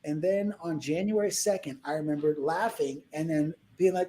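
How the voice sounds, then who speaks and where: A man's voice: on the high side, normal speed, dark tone, slight background noise. A young man telling a personal story in a casual podcast chat, rambling and heartfelt, acting out the people he quotes.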